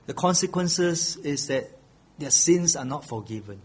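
A man's voice: fairly high pitch, animated, a little slow, a little mellow, breathy edge. A middle-aged male pastor preaching a sermon, earnest and pleading, repeating his key phrases.

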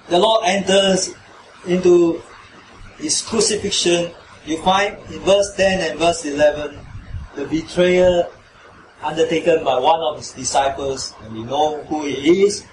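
A man preaching a sermon as pastor, pressing his listeners with repeated rhetorical questions that build into emphatic pleas. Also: on the high side. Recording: roomy echo, distant mic, noisy.

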